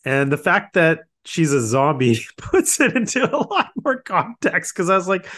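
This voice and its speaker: A woman's voice: low voice, very animated, moderate pace, few pauses. A woman guesting on a film podcast, talking casually with giggles and mock exasperation.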